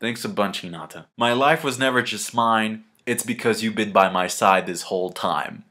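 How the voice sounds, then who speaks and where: A man's voice: on the low side, moderate pace, pushed and bright. A man doing an earnest young ninja hero.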